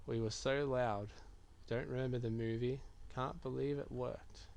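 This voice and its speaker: A man streaming a game, reading typed chat messages and reply choices aloud in a low-key, musing way. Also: fairly even intonation, a little slow, a little mellow. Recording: clear keyboard typing behind voice.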